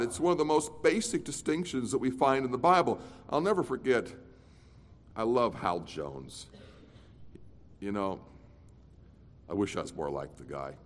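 A man preaching an evening sermon as a pastor. He swings between loud, emphatic declarations and quiet, low-voiced asides. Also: expressive, normal speed, pauses often. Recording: long reverb of a large hall.

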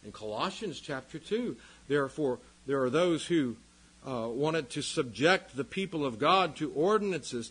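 Husky male pastor, lively pitch swings, fiery sermon style. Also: a little slow, rough recording. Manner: impassioned, swings from loud emphasis to quiet. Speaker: preacher.

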